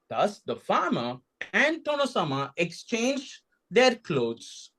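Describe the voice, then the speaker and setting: A man from India, telling a folktale slowly and expressively with dramatic pauses. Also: very high-pitched, wildly swooping pitch, fairly bright tone. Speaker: storyteller.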